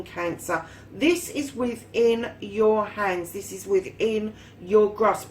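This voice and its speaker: A woman reads tarot in a chatty, encouraging way, dropping casual swear words along the way. Her mid-pitched voice sounds a little distant from the mic over faint background ambience. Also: slow, a little hiss or hum. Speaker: tarot reader.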